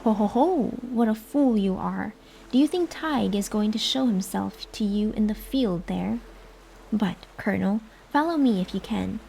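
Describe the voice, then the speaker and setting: A woman's voice: mid-range voice, expressive, normal speed, vocal fry, mellow, a little hiss or hum. A woman whispering as a mocking invisible fairy spirit. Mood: taunting. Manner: taunting, laughing ho ho ho. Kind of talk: whispered role-play.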